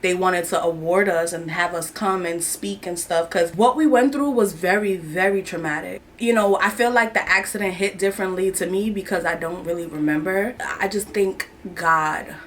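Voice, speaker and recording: A woman's voice: fairly low pitch, normal speed, hardly any pauses, a bit bright, slight background noise. A young woman in her twenties from New York, telling a personal story to camera in candid, slangy, emotional chat. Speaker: vlogger. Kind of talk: casual confessional chat.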